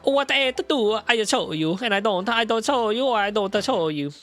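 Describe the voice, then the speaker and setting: A flamboyant Italian man talks in big looping swings of pitch, as a man puts him on. The put-on Italian accent is thick and the delivery singsong and over the top, with faint music behind. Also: lively intonation, moderate pace, a bit bright. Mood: theatrical. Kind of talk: reading game dialogue with voices.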